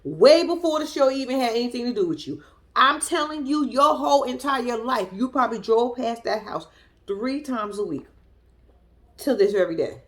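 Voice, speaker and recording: A woman recaps reality TV in sassy, profane reaction commentary, her voice sitting a little high. She talks straight to her viewers as y'all. She jumps from loud outbursts to low muttered asides. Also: lively intonation, moderate pace. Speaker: reality show recap vlogger.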